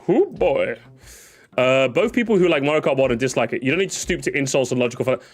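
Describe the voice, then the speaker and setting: A man's voice: medium pitch, animated, rapid-fire. A young man streaming a casual reaction to comments, sarcastic and jokey, often stammering and restarting his sentences.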